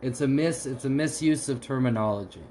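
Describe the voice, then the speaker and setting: A man co-hosting a podcast chats casually and jokes around, improvising made-up mock stories. His medium-pitched voice is mellow and a little fast. The audio is poor, with a bit of hiss or hum.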